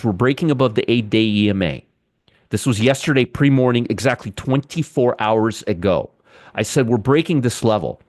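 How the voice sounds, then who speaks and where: A man's voice: on the low side, a little mellow, dry recording, studio quality. A man hosting a daily market commentary, casually walking through chart levels and repeating key points with emphasis. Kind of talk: casual trading analysis monologue.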